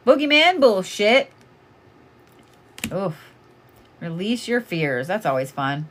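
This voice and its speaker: A woman's voice: mid-range voice, sing-song, slow, fairly bright tone. A woman giving casual live oracle card readings, blunt and chatty, swearing freely as she talks to callers.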